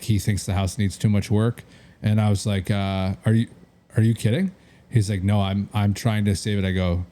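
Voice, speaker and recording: Low mellow-voiced man telling stories. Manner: rambling anecdotes acting out quoted dialogue, many fillers. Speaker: real estate agent and podcast co-host. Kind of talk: casual podcast storytelling.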